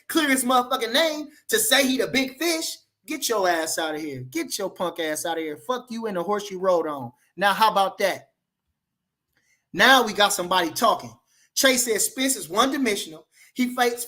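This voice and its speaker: A man hosting a boxing channel livestream, reading the chat and trash-talking loudly and profanely, with many "you know" fillers. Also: high-pitched. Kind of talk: livestream rant.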